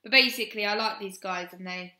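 A woman's voice: mid-range voice, brisk, bright, forceful tone. A young woman, frankly telling a personal story on her vlog and rambling with many "um"s. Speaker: vlogger. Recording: roomy echo.

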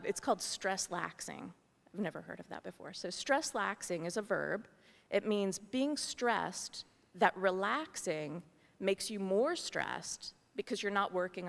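Middle-aged woman, low and gravelly, candid talk to a gathering, reverberant hall. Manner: earnest, candid storytelling with asides. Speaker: guest speaker, artist. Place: large meeting hall.

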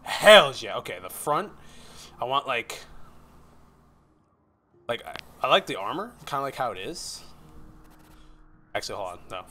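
Young guy doing a let's play, bright voice that bounces all over, rambles and swears, bit of hiss behind. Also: medium pitch, very animated, moderate pace, pauses often. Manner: rambling, swears, yelps when startled. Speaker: gaming YouTuber. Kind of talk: casual let's-play commentary.

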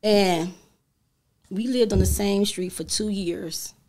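Animated woman telling a family story. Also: medium pitch, takes it slowly. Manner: animated storyteller, acts out quoted voices. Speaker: guest entrepreneur. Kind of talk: casual talk show conversation.

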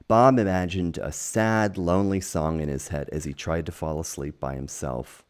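A man reading a children's picture book aloud at home, gentle and unhurried, pausing to point out the pictures. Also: extremely low pitch. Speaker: storytime reader. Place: at home with a dog.

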